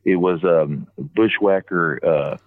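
A deep-voiced man tells a long, loosely strung story, piling one scene onto the next. He livens up when he imitates other people. The sound is thin and tinny, as if over a phone line, and bone dry. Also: slow, no echo. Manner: rambling, animated when quoting others. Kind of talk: casual storytelling.

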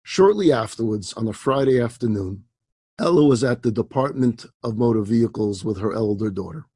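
A man's voice: mid-range voice, lively intonation, brisk, warm tone, slightly rough, no room sound. A man, a rabbi, telling an inspirational story dramatically, with emphatic asides and rhetorical questions.

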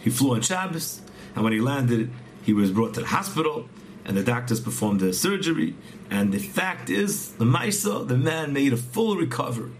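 A man's voice: mid-range voice, sing-song, moderate pace, slight background noise. A man earnestly telling a religious story, often repeating words and restarting phrases as he goes. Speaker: storyteller teaching a religious tale.

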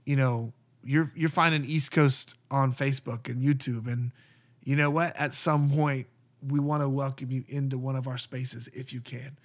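A man's voice: mid-range voice, fairly even intonation, moderate pace. A man, a pastor, talking earnestly and conversationally about church community. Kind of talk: casual podcast talk.

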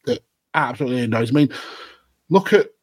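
A man co-hosting a wrestling podcast, chatting casually with quick asides. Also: mid-range voice, lively intonation, darkish tone, breathy edge, no echo. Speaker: podcast co-host. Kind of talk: casual chat.

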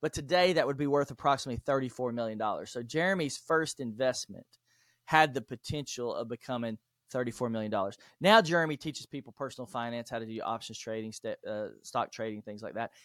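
A man's voice: mid-range voice, a little fast, no room sound, clean studio sound. A man, a podcast guest and author, telling stories in an interview and acting out the dialogue. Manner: animated, acts out dialogue in stories. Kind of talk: interview storytelling.

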